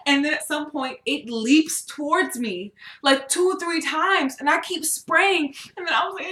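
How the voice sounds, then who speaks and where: High, bright-voiced young woman telling a story. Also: a little fast, hardly any pauses, roomy sound. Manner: animated storytelling, swears a lot, laughs often. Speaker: podcast co-host. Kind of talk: casual chat.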